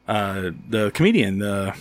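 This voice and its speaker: A man's voice: lowish voice, expressive, a little slow, no echo. A man co-hosting a casual chat, telling a story with lots of swearing and acted-out quotes. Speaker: podcast co-host.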